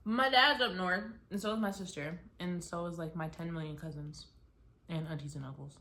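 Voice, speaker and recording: A woman talking casually in a rambling vlog, animated and expressive, slipping into patois-tinged phrasing. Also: deep voice, fairly quick. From Texas, United States. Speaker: vlogger.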